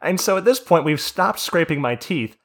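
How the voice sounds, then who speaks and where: Man, from New Jersey, podcast host, casual storytelling, profane, animated, acts out quotes. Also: fairly high pitch, moderate pace.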